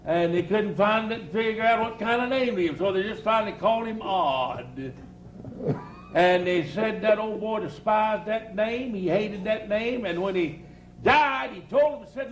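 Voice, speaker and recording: A man's voice: high voice, normal speed, highs cut off. An older man telling comic stories to a live audience in a folksy drawl. He chuckles often and builds each tale to a punchline. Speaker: evangelist storyteller. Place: outdoor church campground stage. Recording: roomy live recording, faint noise.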